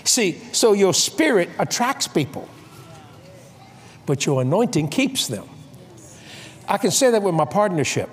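An older man preaching a sermon, telling comic stories and acting out voices with shouts and laughs. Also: sits high, big pitch swings, a little slow, pauses often, slight background noise. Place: large convention hall.

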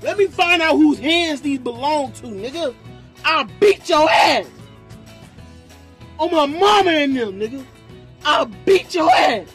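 A person ranting in outraged shouts while reacting to a video. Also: sits high, animated, a little slow, long pauses, soft background music. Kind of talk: reaction commentary.

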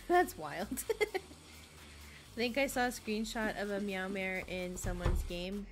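A woman's voice: medium pitch, animated, slow pace, faint music behind. A young woman chatting casually and giggling as she streams a farming game. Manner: chatty, giggly, easily distracted. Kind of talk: casual gaming livestream chat.

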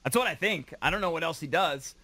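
High, bright-voiced sports radio host. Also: male voice, lively intonation, fast talker, no echo. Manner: casual, chuckling, questioning.

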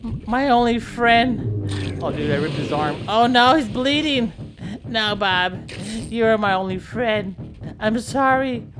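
A woman's voice: medium pitch, slow, noisy background, voice pushed up, natural voice. A woman voicing a needy, sentimental whale that pleads and cries out in a raised voice, repeating itself. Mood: grieving.

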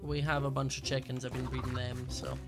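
Male co-player, relaxed and chatty with small restarts, music bed behind. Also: mid-range voice. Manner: easygoing, halting and chatty. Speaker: fellow player. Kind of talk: casual chat during a game. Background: background music.

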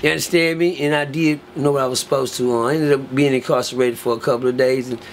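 A man telling a story in casual, profane talk, lively and acting out other people's lines. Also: medium pitch, fast, a little hiss or hum.

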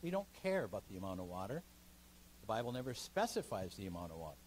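A pastor with a fairly low voice talks fast as he leads a seminar in a church meeting room, teaching in an emphatic, animated way and taking listeners' questions. The recording is rough, with slight background noise.

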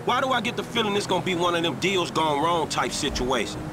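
A wary, sarcastic young gangster. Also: male voice, fairly high pitch, very animated, quick pace, noisy background. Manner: dry skeptical complaining. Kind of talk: video game cutscene acting. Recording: game audio over gunfire and engines.

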